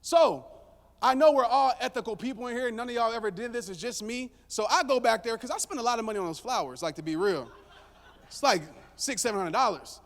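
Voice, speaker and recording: Very high-pitched and animated, the motivational speaker talks fairly quickly as he shares a casual story and jokes with the live crowd. The stage recording carries a long hall reverb.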